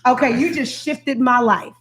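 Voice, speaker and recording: A woman's voice: high voice, normal speed, very noisy. A woman co-hosting a talk show who reacts with emotion and expression. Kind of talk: casual talk show conversation.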